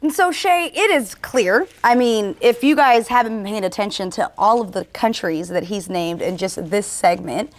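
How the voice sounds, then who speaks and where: A woman hosting a casual interview who asks quick questions and teases her guest in an upbeat, playful way. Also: mid-range voice. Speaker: interview host.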